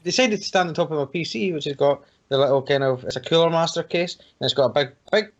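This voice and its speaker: A man with a fairly high-pitched voice talks at a quick pace as he co-hosts a casual podcast over an online call, rambling, joking, and laughing a lot. He's on a home computer microphone, and the call audio sounds muffled and lo-fi.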